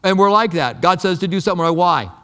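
A man's voice: sits high, very fast, fairly bright tone. A pastor preaching a sermon in a conversational, emphatic way, often repeating his key phrases. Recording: long reverb of a large hall.

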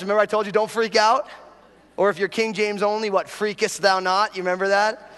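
A man preaching a humorous sermon, his voice sitting high for a man. He tells stories with energy and jumps into acted-out prayers and asides. The sound carries a long hall reverb. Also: very fast. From New York. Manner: animated storytelling, acts out prayers in a raised voice. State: a bit dehydrated after travel. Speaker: pastor.

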